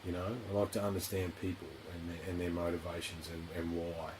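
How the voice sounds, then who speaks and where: Aussie bloke with a real low voice, rambly and sweary, bit of faint hiss behind. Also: male voice, completely flat delivery, fairly quick. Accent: Australian. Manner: rambling, frank, heavy swearing, constant "you know". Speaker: podcast host. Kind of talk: casual interview chat. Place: studio.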